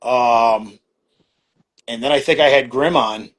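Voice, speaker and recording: A man's voice: medium pitch, slow, a bit bright. A middle-aged man talking as a podcast guest, in a loose, rambling way, full of fillers and restarts, acting out quoted back-and-forth exchanges and swearing casually. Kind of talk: casual storytelling conversation.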